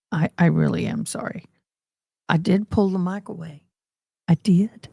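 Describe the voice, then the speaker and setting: A woman's voice: lowish voice, steady tone, moderate pace, vocal fry, dark tone, slightly rough, dry recording. A woman hosting a casual livestream, talking in a chatty way close to her desk mic and repeating the courtroom testimony aloud. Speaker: livestream host. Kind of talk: casual commentary on a live court stream.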